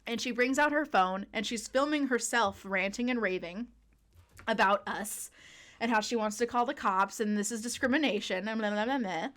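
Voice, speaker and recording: Animated young woman telling a story. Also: fairly high pitch, moderate pace. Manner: animated storyteller with frequent "like" fillers and laughter. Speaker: podcast co-host. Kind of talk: casual chat, storytelling.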